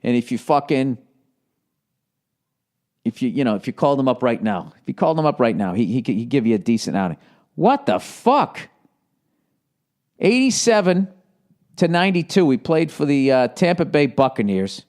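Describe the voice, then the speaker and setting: Brisk, with a mid-range voice and big swings in pitch, this man in his forties hosts a solo podcast in a Boston accent. He rambles casually, swears a lot, and slips into shouted gangster impressions lifted from the movies.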